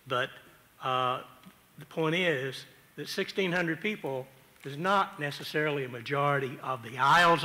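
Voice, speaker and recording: A man's voice: a little high, pushed and bright, long reverb tail. A man giving chatty, self-deprecating testimony at a city council hearing, arguing a contrarian view. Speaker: public commenter. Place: council chamber.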